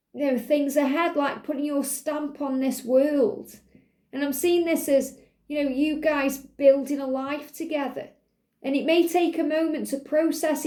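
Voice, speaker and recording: A woman's voice: high voice, mellow, roomy sound. A woman doing a guided card reading for viewers, speaking in a soothing, repetitive way and addressing the listener directly. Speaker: tarot card reader.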